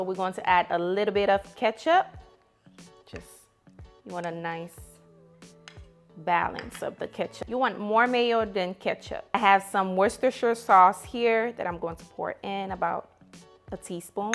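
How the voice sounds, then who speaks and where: Woman host, casual cooking tutorial, chatty and direct with viewers, mid-pitched voice, faint music behind. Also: steady tone, normal speed, fairly bright tone. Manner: chatty, talks straight to viewers as "you guys".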